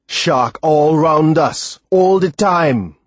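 A man voicing an old sailor, gruff but protective, with loud, drawn-out dialect speech. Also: medium pitch, fairly even intonation, no room sound, lightly acted. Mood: angry.

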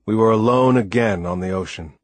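A man reading a book aloud as narrator, in a measured, plain storytelling manner. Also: lowish voice, darkish tone, no room sound. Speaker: audiobook narrator. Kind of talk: scripted narration.

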